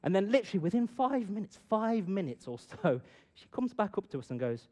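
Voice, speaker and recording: A middle-aged man tells a story to a room and draws a gentle lesson from it. His voice sits a little high and leaps about, jumping from loud bursts down to near-whispered asides. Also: a little fast. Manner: animated, swings from loud bursts to hushed asides. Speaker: speaker addressing an audience. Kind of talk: storytelling talk with a moral.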